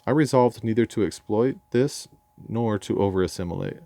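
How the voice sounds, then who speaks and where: English man, deep and mellow, dry ironic memoir reading in a dead-dry booth. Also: animated, normal speed, gravelly, no echo. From England. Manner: dry, ironic and erudite, with occasional stumbles over words. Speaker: memoir narrator. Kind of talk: reading his memoir aloud.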